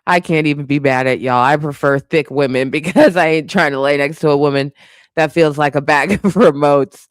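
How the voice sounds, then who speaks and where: A woman's voice: low-pitched, normal speed, clean tone, no echo. A woman hosting a casual live stream, laughing often and sounding playfully exasperated.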